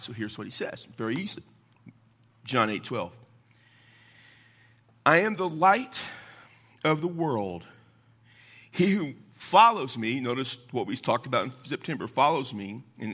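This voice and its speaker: A man's voice: mid-range voice, pushed and bright. A man preaching a sermon in a folksy, conversational way, mixing scripture with casual asides. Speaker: pastor.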